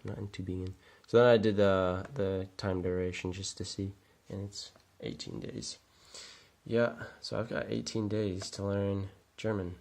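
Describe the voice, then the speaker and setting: A man's voice: low voice, fairly even intonation, measured pace, vocal fry, a little mellow, slight background noise. A young man vlogging casually, rambling with lots of fillers and self-deprecating asides. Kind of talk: casual vlog talk. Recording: echoey room.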